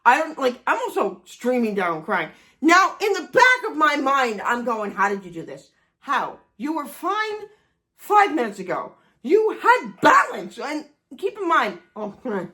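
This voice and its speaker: A woman's voice: fairly high pitch, fairly bright tone. A woman in her forties telling a personal story in a casual vlog, self-deprecating and swearing often. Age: 40s. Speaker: vlogger.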